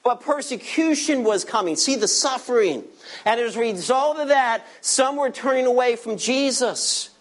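A man preaching a sermon, directly addressing his listeners and stretching key words slowly for emphasis. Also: very high-pitched, expressive. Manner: addresses listeners directly, asks them to turn pages. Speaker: pastor.

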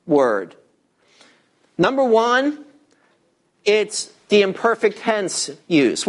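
A man preaching a verse-by-verse sermon, emphatic and teacherly, asking questions and answering them himself. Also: sits high. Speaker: pastor.

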